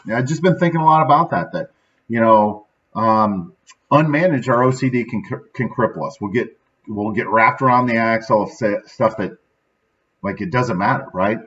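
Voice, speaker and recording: A man's voice: fairly low pitch, moderate pace, a bit bright. A man in his thirties from central Illinois, who hosts a daily motivational show in a rambling, upbeat way and often tags on "right?". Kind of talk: casual motivational talk. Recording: slightly dull, lo-fi sound.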